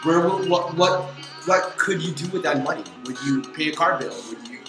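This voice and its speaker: A man's voice: on the high side, animated, moderate pace. A man hosting a casual podcast, upbeat and keeps calling out to his listeners. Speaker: podcast host. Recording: roomy room with loud music behind.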